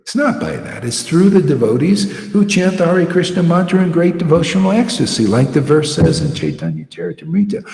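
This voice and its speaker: A man's voice: a little high, brisk, vocal fry, few pauses. Male preacher, casual mocking sermon delivery, reverberant hall sound. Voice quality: animated, scornful, mocking quacks, laughs often. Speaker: spiritual teacher. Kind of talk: informal devotional sermon. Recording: echoey room with long reverb.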